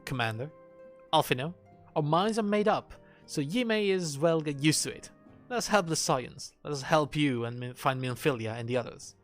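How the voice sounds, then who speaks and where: A gruff, stubborn soldier loyal to his commander, as a man reads him aloud on a live stream. He speaks in a folksy dialect at a middling pitch. Faint game music plays beneath him. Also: lively intonation, a little slow, a bit bright. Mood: determined. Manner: folksy dialect speech with aye and ye.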